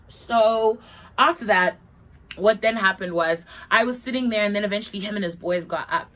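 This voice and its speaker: A young woman from Zimbabwe tells a story straight to her vlog audience. She speaks in a casual, animated way, acting out the lines of the people in her story. Her telling is peppered with swearing. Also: medium pitch, moderate pace, a little hiss or hum, poor audio. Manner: animated, dramatic retelling with acted-out quotes and frequent swearing.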